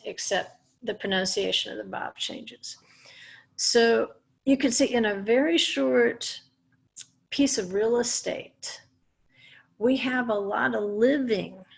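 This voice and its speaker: A woman's voice: mid-range voice, vocal fry, fairly bright tone. A woman teaching a Torah portion lesson, explaining Hebrew words step by step with small restarts. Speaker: Bible teacher.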